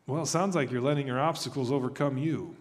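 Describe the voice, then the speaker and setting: A man preaching a sermon in a conversational, animated way, acting out quoted voices as he tells stories. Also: mid-range voice, fast. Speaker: pastor.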